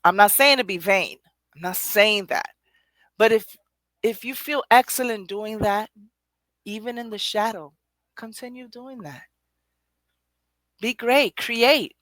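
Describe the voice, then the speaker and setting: Bright-voiced woman giving motivational talk. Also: medium pitch, no room sound. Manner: conversational, rambling, addresses the audience directly; frequent laughter. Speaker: poetry show host. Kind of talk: motivational monologue.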